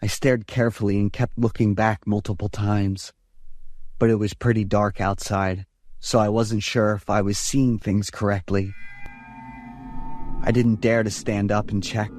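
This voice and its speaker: A man with a low voice tells a horror story in steady, even first-person narration. The delivery stays measured from one line to the next, as in a bedtime scary story. A faint music bed sits underneath.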